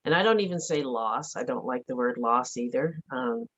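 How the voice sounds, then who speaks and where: A middle-aged woman with a low voice talks earnestly and reflectively as an interview guest, often pausing on "like". She comes through a video call, and the audio is dull and lo-fi. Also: animated, a bit bright, husky. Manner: earnest, reflective, frequent "like" fillers. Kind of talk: candid conversational interview.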